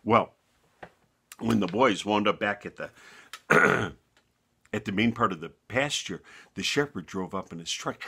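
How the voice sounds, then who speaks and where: A man narrating a bedtime story in a gentle, unhurried manner with small restarts. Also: on the low side, gravelly, breathy edge.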